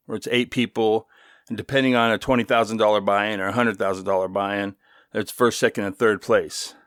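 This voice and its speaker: A man's voice: lowish voice, fairly bright tone, dry recording, studio quality. A middle-aged man hosting his own podcast, telling a story in a loose, chatty way with swearing and asides. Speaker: podcast host. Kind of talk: casual storytelling monologue.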